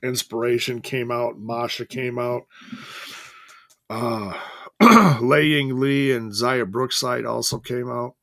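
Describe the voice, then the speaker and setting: Slow rambling man reviewing wrestling. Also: medium pitch, animated, gravelly, sharp tone, dry recording, clean studio sound. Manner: rambling, self-correcting, chuckles often. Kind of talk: casual solo recap.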